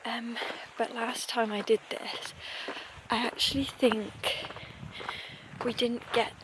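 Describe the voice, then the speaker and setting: A young woman vlogging casually on a mountain trail, talking in a hushed, often half-whispered, chatty way into a handheld camera. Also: a little high, level tone, slow. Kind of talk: casual vlog narration to camera. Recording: windy outdoor noise. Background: wind.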